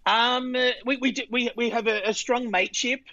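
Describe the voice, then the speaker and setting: Bawdy Australian drag queen, bright high voice. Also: steady tone, normal speed, no echo, dull audio. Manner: bawdy, laughing, loud when retelling. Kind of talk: casual interview chat.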